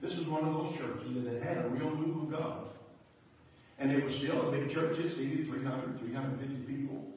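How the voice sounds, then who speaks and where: A man's voice: medium pitch, fairly even intonation, moderate pace. A man preaching a storytelling sermon in a folksy, chuckling way that rises to fervent exhortation. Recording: echoey church hall from far off, dull.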